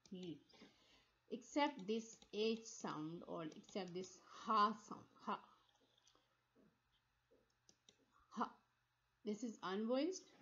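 Woman lecturer demonstrating speech sounds. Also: medium pitch. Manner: demonstrates sounds by repeating them slowly, with frequent restarts. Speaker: university phonetics lecturer. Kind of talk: recorded online lecture. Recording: slightly dull lo-fi recording.

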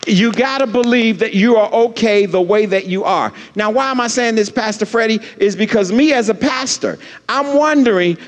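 High-voiced man preaching in a reverberant church. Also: moderate pace, few pauses. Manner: repetitive call-and-response preaching, asks congregation to repeat. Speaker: pastor. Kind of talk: sermon. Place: church sanctuary. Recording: long church hall reverb.

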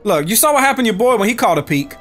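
A man's voice: sits high, sing-song, rapid-fire, a bit bright. Brash trash-talking gaming man. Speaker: gaming YouTuber. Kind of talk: profane gameplay commentary. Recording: music playing behind.

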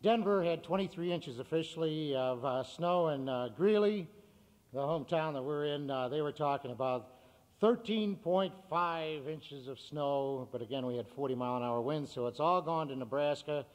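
Upbeat farm broadcaster in an echoing hall. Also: male voice, fairly high pitch. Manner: upbeat, reads figures briskly. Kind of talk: speech reading market prices. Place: meeting hall. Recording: cassette with hall reverb.

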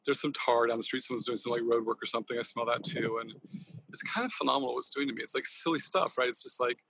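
A man's voice: medium pitch, fast talker, gravelly, fairly bright tone, slight background noise. A man talking passionately in a casual podcast interview, rambling and swearing freely. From Northern California. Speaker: podcast guest, company founder.

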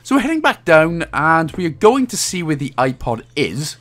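A man's voice: a little high, very animated, moderate pace, fairly bright tone. A Welsh man talking casually through a game walkthrough, joking and chuckling at his own asides.

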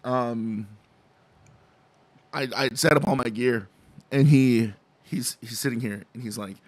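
Dry-miked animated man telling stories. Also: medium pitch, slow, dry recording. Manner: animated storyteller, acts out quotes, laughs often. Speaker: podcast co-host. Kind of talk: casual chat.

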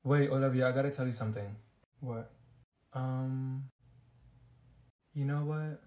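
A man voicing a quiet, evasive teenage schoolgirl who mumbles and brushes things off, in a comedy skit. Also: fairly even intonation, a little slow, close to an everyday voice. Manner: mumbling, low-key and evasive. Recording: roomy echoey room.

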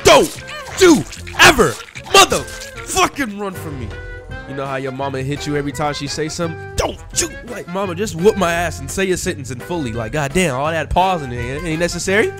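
A young man, riffing loudly over a game while faint game music plays behind him. His pitch jumps all over the place as he taunts and yelps at the players. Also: expressive, fast, few pauses. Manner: loud, taunting trash talk with sudden yelps. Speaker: gaming streamer. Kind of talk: excited gameplay commentary.

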